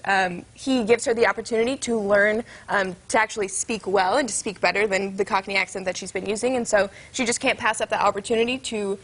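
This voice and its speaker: Earnest young actress, slightly high voice. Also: female voice. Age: young adult. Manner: earnest, explains with many ums. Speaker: student actress, guest. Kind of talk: TV interview. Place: TV studio.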